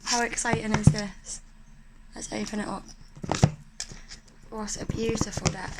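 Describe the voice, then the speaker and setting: Chatty woman with loud noise behind. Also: medium pitch, fairly even intonation, unhurried. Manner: chatty, breathy and gushing, talking to viewers. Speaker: vlogger. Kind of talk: casual chat unboxing a tarot deck. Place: home room by a main road.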